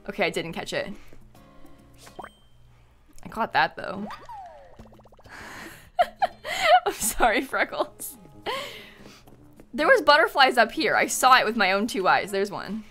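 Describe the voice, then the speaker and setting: A woman's voice: medium pitch, sharp tone. A young woman streaming a video game, chatting casually, giggling often and squealing dramatically at what happens on screen.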